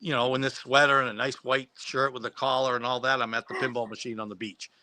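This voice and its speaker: A man recounts old memories in a loose, meandering way, stumbling over his starts and chuckling along. His voice is bright and forceful. The sound is dry and close. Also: medium pitch, flat delivery, quick pace, no room sound. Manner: rambling, many restarts, laughs at own story. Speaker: guest who acted as a child extra. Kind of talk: casual anecdote on a live stream.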